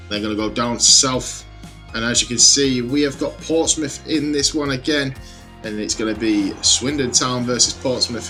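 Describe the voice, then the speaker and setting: A man narrates his football video game series as lively play-by-play, bursting into excited shouts at the goals. His voice sits in the middle range. Soft background music plays under him. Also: medium pitch. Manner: energetic, exclamatory play-by-play. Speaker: gaming YouTuber.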